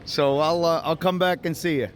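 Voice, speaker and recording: A man's voice: on the high side, fairly even intonation, moderate pace. A man chatting casually as he walks a city tour for his travel vlog, thinking aloud. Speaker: travel vlogger. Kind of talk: casual walking tour narration. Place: city streets outdoors. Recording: outdoor street noise.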